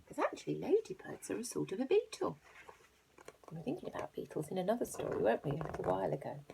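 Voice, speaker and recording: A teacher reading a picture book aloud to young children. She plays up the animal noises and drops into hushed asides between the lines. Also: medium pitch, gravelly, slight background noise.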